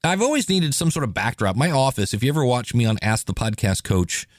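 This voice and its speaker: A male podcast host chats through a story, lively and conversational, often slipping into quoted voices. His pitch sits in the middle range for a man. The sound is dry and close, with no room echo. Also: brisk. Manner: animated, chatty, acts out quotes. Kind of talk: casual solo podcast storytelling.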